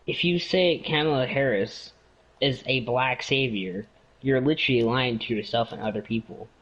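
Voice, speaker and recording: A man chatting casually with a friend, mocking and slowing down for sarcastic emphasis. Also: mid-range voice, fairly bright tone, lo-fi sound. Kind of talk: casual chat.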